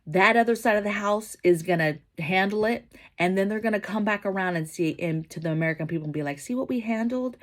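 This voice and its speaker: A woman's voice: lowish voice, fast. A woman vlogging about home preparedness, talking casually and emphatically, often tagging her points with "right?". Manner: emphatic, keeps asking "right?". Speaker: prepping vlogger. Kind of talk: casual opinion vlog.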